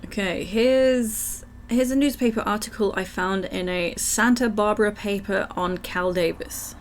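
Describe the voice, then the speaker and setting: A woman with a croaky throat chatting with her live chat while reading game text aloud. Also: mid-range voice, unhurried, slight background noise. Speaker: livestream gamer.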